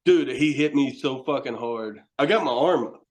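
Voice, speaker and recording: A man's voice: medium pitch, moderate pace. A middle-aged man, a wrestler and horror host, telling rambling stories as a podcast guest, cursing and laughing often. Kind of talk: casual storytelling chat.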